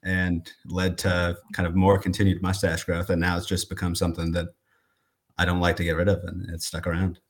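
A young man from Iowa, a rugby player, answering interview questions in a calm, modest, measured way with frequent ums. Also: low-pitched.

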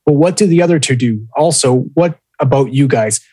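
A man's voice: mid-range voice, fairly quick, warm tone, slightly rough, no echo, poor audio. A man co-hosting a casual podcast, telling a story with lots of swearing and reading listener posts aloud. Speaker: podcast co-host.

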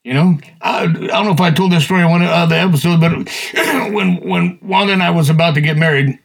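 A man's voice: high-pitched, brisk, gravelly, breathy edge. An older man hosting a show, telling a personal faith testimony in a folksy, plain-spoken way. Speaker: podcast host.

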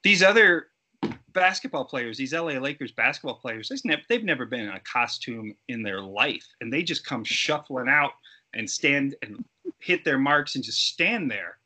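Bright-voiced man telling set stories. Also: mid-range voice, normal speed. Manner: animated, acts out quoted voices. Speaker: guest actor and effects artist. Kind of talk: casual interview storytelling.

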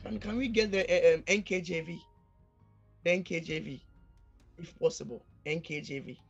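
A male pastor preaching a fervent sermon, repeatedly calling out to the congregation and swinging between shouting and near-quiet. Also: on the high side, steady tone, moderate pace, vocal fry, breathy edge, muffled recording, faint music behind.

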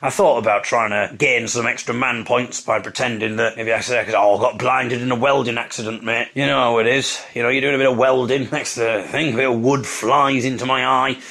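A man's voice: mid-range voice, fairly even intonation, fairly quick, vocal fry, few pauses, bright, forceful tone. A man hosting a comic podcast, telling a rambling, self-mocking story. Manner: self-deprecating, rambling storytelling with put-on voices. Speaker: podcast host. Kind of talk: comic monologue.

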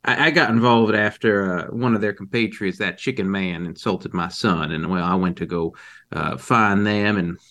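A man playing a halting, folksy rural witness. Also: lowish voice, fairly bright tone. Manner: halting, many fillers, folksy phrasing. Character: gruff rural father witness, cagey. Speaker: player character being questioned. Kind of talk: improvised tabletop role-play.

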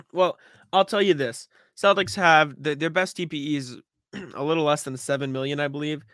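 A man's voice: fairly high pitch, fairly even intonation, moderate pace, a bit bright, no echo, studio quality. A man co-hosting a casual basketball podcast, easygoing, asking questions and laughing often. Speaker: podcast co-host.

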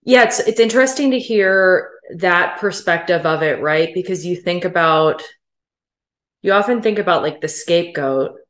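A woman's voice: on the low side, moderate pace, reverberant. A woman podcast host, affirming and reflective as she responds to her guest. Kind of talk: conversational interview.

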